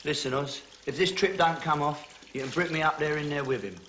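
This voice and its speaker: Brash cockney bricklayer, as an actor plays him. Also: male voice, a little high, a little fast, a bit bright, lightly acted. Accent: London. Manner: brash, jokey. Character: cocky London bricklayer, womanising. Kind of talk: 1980s TV drama acting. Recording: dull lo-fi TV audio with hiss.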